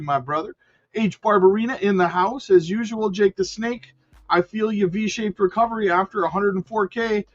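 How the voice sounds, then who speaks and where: A man hosting a casual crypto livestream, chatting with viewers and reading their comments aloud. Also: sits high. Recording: dull lo-fi sound with faint music.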